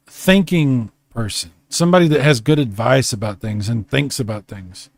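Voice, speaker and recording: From a room at home, a drunk man hosts a laid-back late-night stream, rambling and cursing as he reads the chat out loud. His voice is mid-range and the recording is dry.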